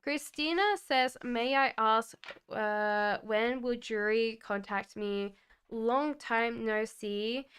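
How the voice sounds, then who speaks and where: A young woman reads tarot cards on a live stream at an unhurried pace. Her voice is very smooth and clear and sits a bit high. She talks casually and reassuringly, answering viewers one by one. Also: a bit bright. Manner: hums while shuffling cards.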